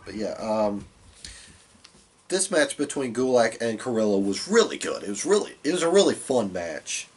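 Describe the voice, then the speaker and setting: Husky-voiced man recapping wrestling casually. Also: fairly low pitch, moderate pace. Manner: relaxed, filler-heavy recapping with quoted asides. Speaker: podcast co-host.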